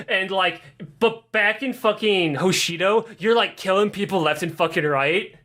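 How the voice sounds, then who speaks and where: Brief: male podcast co-host, high-pitched and bright, swears constantly while he rambles. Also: normal speed. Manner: rambling, profane, animated recap. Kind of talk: casual chat.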